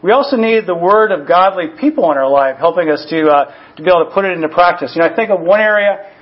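Husky man giving a casual sermon. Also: high voice, animated, fast. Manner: casual, personal, many "you know" asides. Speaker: pastor. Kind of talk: conversational sermon. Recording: dull lo-fi recording.

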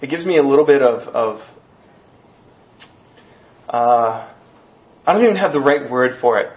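A man preaching a sermon as pastor, telling the story with lively acted-out voices. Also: mid-range voice, measured pace. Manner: animated storytelling, acting out voices. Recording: echoey room, dull sound.

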